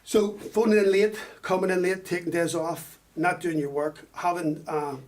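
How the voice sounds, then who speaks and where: An Irish man on a podcast, telling animated work stories in casual chat, swearing freely. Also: high voice, moderate pace, recorded from a distance. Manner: animated, swearing, laughing storyteller.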